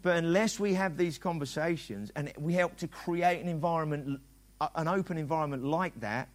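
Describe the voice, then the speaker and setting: Conversational pastor preaching. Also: male voice, a little high, moderate pace. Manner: conversational preaching, acts out quoted dialogue. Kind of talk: sermon.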